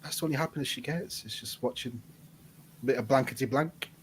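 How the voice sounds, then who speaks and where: A man's voice: medium pitch, fast, slight background noise. A man co-hosting a live advice stream, joking, teasing and laughing at his own puns. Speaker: advice show co-host. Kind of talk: casual live-stream banter. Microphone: webcam on a live stream.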